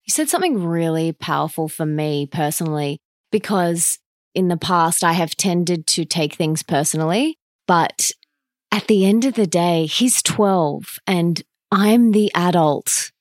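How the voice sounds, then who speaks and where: A woman's voice: lowish voice, expressive, unhurried, darkish tone, no room sound, clean studio sound. Earnest woman podcast host. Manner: earnest, reflective. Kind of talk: interview talk.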